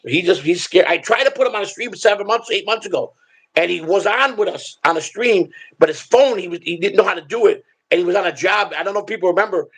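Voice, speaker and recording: A man's voice: sits high, quick pace, fairly bright tone, slightly rough. A man hosting a live stream, telling stories in a rambling, blunt and profane way. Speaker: streamer and show host. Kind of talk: casual storytelling on a live stream.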